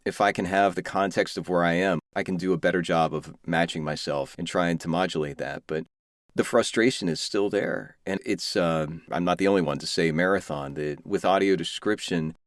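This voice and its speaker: A man's voice: sits low, moderate pace, no room sound, clean studio sound. A man hosting an interview, talking thoughtfully and reflectively about voice work. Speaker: podcast host and voice actor. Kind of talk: conversational interview.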